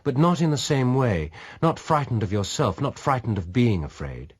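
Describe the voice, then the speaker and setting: A man's voice: medium pitch, sing-song, normal speed, slightly rough, voice pushed up. A male audiobook reader voicing a bored, spirited English noblewoman who argues earnestly with her companion. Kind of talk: audiobook reading.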